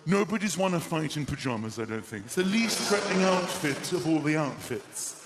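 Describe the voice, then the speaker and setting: A man doing live stand-up comedy, animated and self-mocking. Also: a little high, fairly quick. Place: comedy stage before an audience. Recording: loud live-venue background noise.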